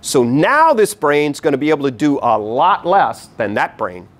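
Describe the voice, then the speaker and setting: A man giving a live teaching talk to an audience in a meeting room, animated and repeating his key points. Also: on the high side, normal speed. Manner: animated, acts out voices to demonstrate. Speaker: workshop presenter.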